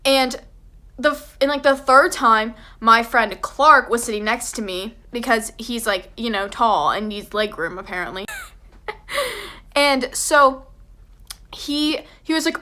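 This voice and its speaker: Bright-voiced young woman telling a storytime. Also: a little high, animated, slow pace. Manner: chatty, dramatic, heavy on "like". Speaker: vlogger. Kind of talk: storytime vlog.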